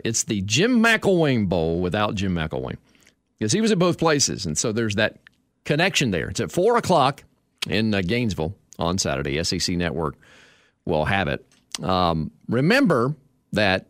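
A man hosting a sports talk radio show, telling stories in a lively way. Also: medium pitch, no echo, studio quality. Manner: lively storytelling, chuckling.

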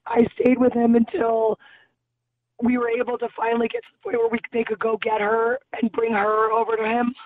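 A shaken woman caller, her voice going hoarse, telling her account in halting phrases with many restarts from a car on her way home. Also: on the high side, level tone, no room sound. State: losing voice. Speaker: caller, festival bartender. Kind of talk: emotional phone-in account. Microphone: phone. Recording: tinny phone line.

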